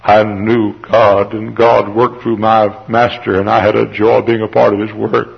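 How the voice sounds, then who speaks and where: A remorseful leper who blames himself for his children's sickness, as a preacher voices him. The voice is low and gravelly, with a husky edge. The recording sounds dull and lo-fi. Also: level tone, measured pace, heavily acted. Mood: wistful. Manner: remorseful first-person lament. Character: grieving leprous male servant, guilt-ridden father.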